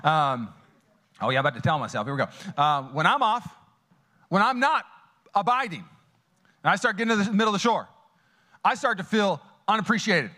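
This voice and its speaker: A man preaching a sermon, casual and storytelling, swinging between loud, high passages and quiet, intimate asides. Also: very animated, a little fast, pauses often. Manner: casual, storytelling, many fillers and restarts. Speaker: pastor. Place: church auditorium.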